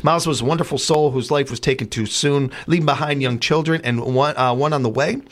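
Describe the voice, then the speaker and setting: A man's voice: on the high side, brisk. A man hosting a radio morning show, chatting casually through community announcements and often stumbling and restarting. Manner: rambling, stumbles and restarts, folksy. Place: radio studio.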